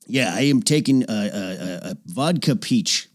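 A man in character as an aging, boastful old-Hollywood film producer who hosts a comedy podcast, rambling and name-dropping, sometimes dropping into low confidential mutters. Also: animated, unhurried, no room sound, clean studio sound. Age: older. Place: small home recording nook.

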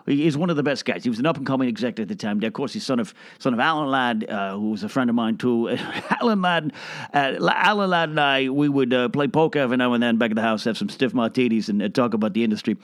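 With a mid-range voice at a quick pace, a man portrays a boastful older Hollywood producer, name-dropping and restarting sentences in a comedic monologue. The clean studio sound has no room noise, and his voice stays close to everyday speech.

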